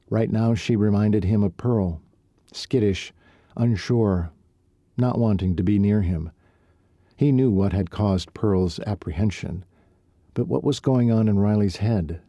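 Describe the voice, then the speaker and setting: Male audiobook narrator, calm and even; dark, breathy timbre, low register. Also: unhurried, no room sound. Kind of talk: audiobook narration of a romance novel.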